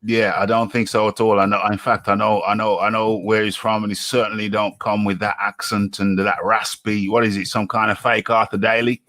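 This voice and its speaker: Chatty male talk show host, bright dry voice. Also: lowish voice, little pitch movement, a little fast, few pauses, no room sound. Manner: chatty, laughs often. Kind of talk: live-streamed talk show.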